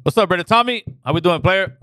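A man's voice: sits high, expressive, quick pace, sharp tone, no echo, clean studio sound. A middle-aged man hosting a casual call-in show, loose and slangy, repeating himself as he talks.

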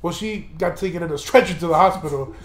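A man's voice: on the high side, quick pace, a bit bright, roomy sound. A young man hosting a podcast, talking casually and somberly, rambling with many restarts and plenty of swearing. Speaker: podcast host.

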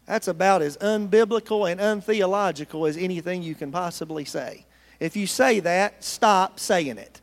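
A man's voice: sits high, normal speed, big-room sound. A man from the United States preaching a sermon in a church, earnest and calling out to his congregation. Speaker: pastor. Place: church sanctuary.

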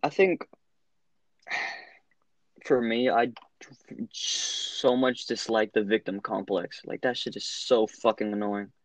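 A man's voice: lowish voice, steady tone, slow, pauses often, no room sound. A young man in casual chat, blunt and profane, full of filler words and restarts.

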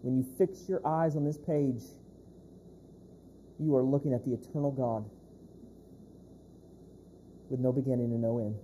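A male pastor preaching a sermon. He speaks emphatically, repeats key phrases, slows down to stress points and puts questions to the congregation. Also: mid-range voice, steady tone, dark tone, slight background noise.

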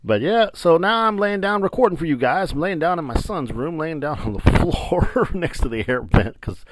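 A man in his forties telling a funny family story in a casual, animated way, often breaking into laughter, while recording on a bedroom floor. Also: a little high, moderate pace, noisy background. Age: 40s. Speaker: vlogger. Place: lying on a bedroom floor indoors.

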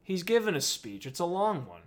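A man's voice: high voice, sing-song, moderate pace. Laid-back man riffing on a podcast. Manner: laughs often, crude jokes, rambling with fillers. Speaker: podcast co-host. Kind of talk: casual podcast banter.

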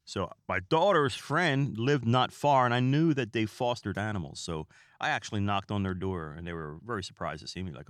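Low-voiced man telling rambling stories. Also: expressive, normal speed, a bit bright, dry recording, studio quality. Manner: rambling, chatty, with asides to listeners. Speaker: podcast host. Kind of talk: casual comedic storytelling.

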